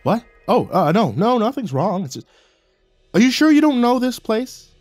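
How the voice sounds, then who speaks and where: A man's voice: a little high, sing-song, a little fast, darkish tone, no echo, soft background music, voice pushed up. A man voicing a male spirit guide who is apologetic and easily flustered, stumbling over his words.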